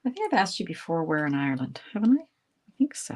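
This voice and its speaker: A woman hosting a live card-making demonstration. She chats brightly with viewers and greets them by name while she works. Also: sits low, sing-song, quick pace. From Canada. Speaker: craft instructor hosting a live stream.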